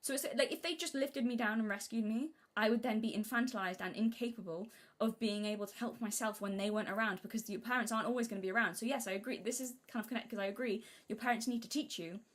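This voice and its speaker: A young woman from Britain talking casually on a live stream, rambling and restarting her sentences, sometimes acting out what she said as a child in a high voice. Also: quick pace, few pauses. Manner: rambling, self-interrupting, acts out childhood quotes in a high voice.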